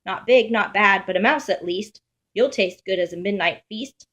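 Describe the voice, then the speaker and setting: A woman's voice: medium pitch, normal speed, a bit bright, lightly acted. A woman voicing a small, curious young female monster who asks eager, questioning things in a sing-song way. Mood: defiant.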